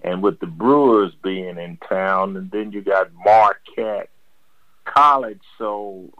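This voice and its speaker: Older man, former player, very low voice, unhurried, dry close sound. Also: dry recording. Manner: slow, halting, with many fillers. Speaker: interview guest, former basketball player. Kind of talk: interview answers. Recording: dull lo-fi sound.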